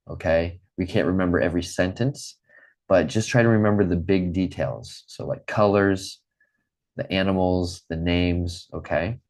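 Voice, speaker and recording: A man from the American Midwest with a plain General American accent, teaching an online English class in an encouraging way, repeating phrases and often pausing with um. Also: low voice, darkish tone. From Midwest United States.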